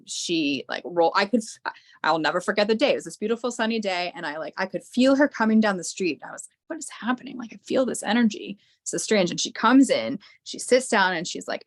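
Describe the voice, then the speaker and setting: Animated middle-aged lady guest, lots of like and um, lowish voice, dry close sound. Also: no room sound. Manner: animated, acts out quoted voices, many fillers. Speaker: podcast guest. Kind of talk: storytelling in an interview.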